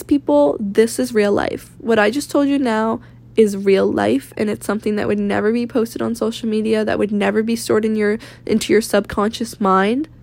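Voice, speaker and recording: A Maine woman in her twenties vents candidly in a personal vlog filmed in a rented room, rambling, blunt and profane. Her voice is on the high side with vocal fry and a darkish tone.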